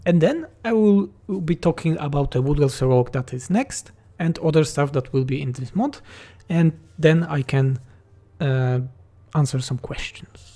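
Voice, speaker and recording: A man's voice: on the high side, measured pace, few pauses, mellow. A man from Poland with a Polish accent, a game mod developer reading chat questions aloud and answering them bluntly and jokingly on a livestream.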